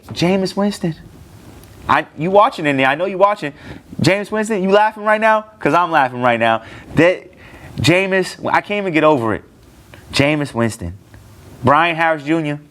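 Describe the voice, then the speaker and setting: A man hosting a casual sports talk show, telling a story with animated, incredulous outbursts. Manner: animated storytelling, pitch jumps up when incredulous. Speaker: show host. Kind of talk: casual fantasy football talk.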